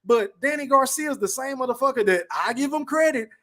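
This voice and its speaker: A man in his thirties hosting a livestream, reading out chat comments with brash, profane shout-outs. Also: very high-pitched, animated, fairly quick. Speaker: podcast host reading live chat.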